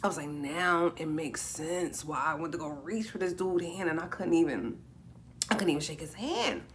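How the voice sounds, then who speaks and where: Low-voiced woman in her forties telling a story. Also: normal speed, fairly bright tone, a little hiss or hum. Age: 40s. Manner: repeats herself, acts out quoted speech. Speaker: livestream storyteller. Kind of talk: casual storytelling. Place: home livestream.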